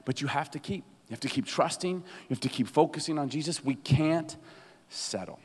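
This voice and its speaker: A man preaching a sermon as a pastor, animated and humorous, laughing often as he talks. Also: fairly high pitch, normal speed, slightly rough, long reverb tail.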